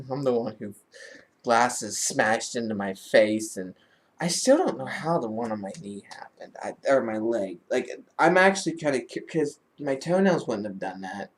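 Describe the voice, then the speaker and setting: Animated, lively-voiced woman vlogger. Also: extremely low pitch, unhurried. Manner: animated, laughing storyteller. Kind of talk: casual storytelling to camera.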